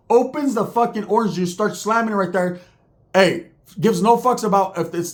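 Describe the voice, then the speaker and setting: Slangy profane guy in his 40s telling a street story, kinda high voice.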